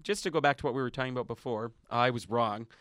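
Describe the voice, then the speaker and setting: Man, radio host, casual studio chat, teasing, average pitch, dry close sound. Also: quick pace, a bit bright, dry recording. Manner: rambling and teasing.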